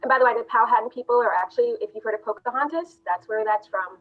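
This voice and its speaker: A woman's voice: on the high side, fast. A woman from New Jersey, an academic librarian presenting a webinar in a chatty, self-deprecating way. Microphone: video call. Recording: tinny phone-like video call audio.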